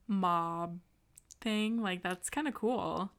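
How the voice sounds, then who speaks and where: A woman's voice: lowish voice, takes it slowly, fairly bright tone. Chatty woman podcast co-host. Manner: chatty, lots of "like". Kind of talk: casual chat.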